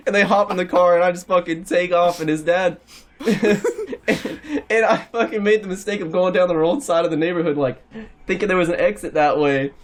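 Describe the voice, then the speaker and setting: A young man telling a rambling, profane story in a casual chat with friends. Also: high-pitched. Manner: rambling, profane, animated anecdote. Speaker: podcast regular.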